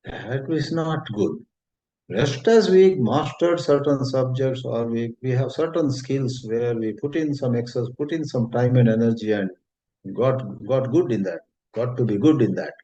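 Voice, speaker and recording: A man with an Indian English accent giving a spiritual talk, gentle and unhurried, telling a story and rephrasing his words as he goes. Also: medium pitch. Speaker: spiritual teacher. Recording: dull lo-fi recording.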